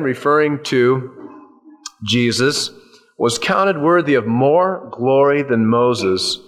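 A man's voice: mid-range voice, expressive, slow pace. A male pastor preaching a sermon in a conversational way, with folksy asides and touches of humor.

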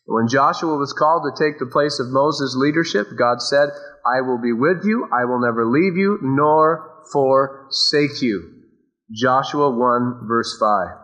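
A man's voice: medium pitch, measured pace, a bit bright. A man pastor delivering a conversational sermon, mixing scripture readings with playful everyday asides. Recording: slightly dull lo-fi recording.

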